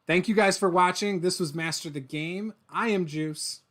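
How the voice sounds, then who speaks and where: A man hosting a gaming interview show, telling stories in an excitable, rambling way. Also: high-pitched, moderate pace. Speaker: podcast host. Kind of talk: casual interview chat.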